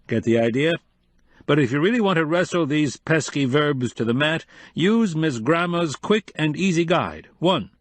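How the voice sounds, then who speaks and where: A man voicing a prim, grandmotherly female advice columnist with a sugary, slow, schoolmarmish way of speaking. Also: a little high, no room sound.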